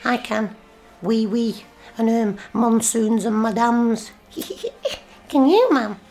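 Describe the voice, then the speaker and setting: A woman's voice: on the high side, slow pace, over music. A woman playing a cheeky, eager young boy in a radio play. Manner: chirpy, eager, questioning.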